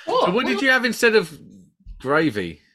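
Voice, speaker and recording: A man's voice: sits high, wildly swooping pitch, moderate pace, bright, forceful tone. A man co-hosting a casual podcast, joking and bantering with the others. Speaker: podcast co-host.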